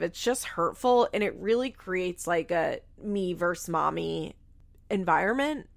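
A woman's voice: lowish voice, creaky, fairly bright tone. A young woman giving frank, casual commentary on a reality show, swearing freely and filling her talk with "like". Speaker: reality TV recap host.

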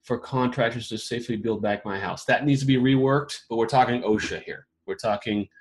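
A man's voice: medium pitch, fairly quick. A man hosting a casual roundtable, reading a list of questions aloud and reacting to them with amused commentary. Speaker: podcast host.

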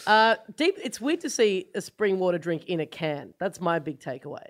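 A man's voice: sits high, sing-song, normal speed, a little hiss or hum. A man from Melbourne, guest comedian on a casual comedy podcast, dry and teasing with a touch of awkwardness. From Melbourne, Australia.

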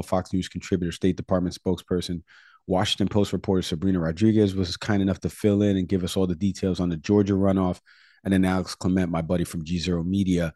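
A man hosting a podcast, running through the show rundown briskly with frequent uh fillers. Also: sits low, dark tone, dry recording, clean studio sound. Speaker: podcast host. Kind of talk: casual podcast talk.

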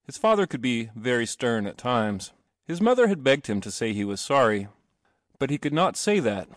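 A man reading a classic story aloud with expressive narration. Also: mid-range voice, moderate pace, no room sound, studio quality.

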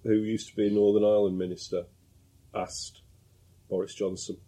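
A man's voice: on the low side, little pitch movement, moderate pace, mellow. A man co-hosting a podcast, telling the news with dry, wry humour. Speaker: podcast co-host. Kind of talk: casual political chat.

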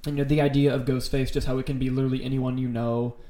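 A man's voice: medium pitch, flat delivery, rapid-fire, mellow. Man, casual podcast chat, enthusiastic, rambling, swears a lot, echoey room. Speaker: podcast co-host. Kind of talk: casual chat about horror films. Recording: roomy echo.

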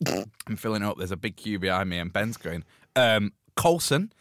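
A man hosting a podcast, talking in a jokey, animated way. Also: sits low, moderate pace, no echo. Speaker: podcast host. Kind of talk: casual chat, show intro. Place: studio.

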